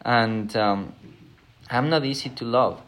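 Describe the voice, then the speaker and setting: A man's voice: medium pitch, slow pace, a bit bright. A middle-aged man teaching a Bible lesson in a conversational, earnest, self-deprecating way. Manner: earnest, self-deprecating, acts out quoted voices.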